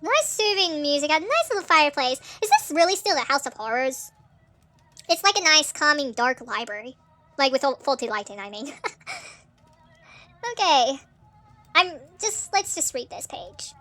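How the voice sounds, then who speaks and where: On her gaming channel, a woman plays through a horror game, giving excitable, chatty let's-play commentary at a moderate pace. Her bright, high-pitched voice reacts out loud, often with nervous laughter.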